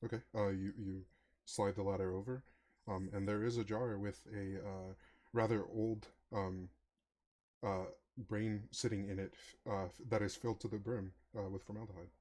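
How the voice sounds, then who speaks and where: A man narrating as game master of a tabletop game, talking with many pauses and fillers. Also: lowish voice, little pitch movement, darkish tone. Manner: hesitant, many ums and uhs.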